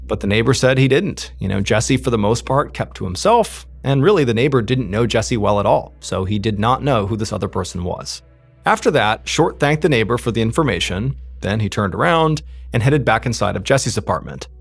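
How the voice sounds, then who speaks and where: A man narrates a true crime story in a relaxed, conversational way, dropping in frequent "you know" asides. His voice is gravelly and a little husky, and his pitch rises and falls in a lively way. Faint music plays underneath. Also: brisk.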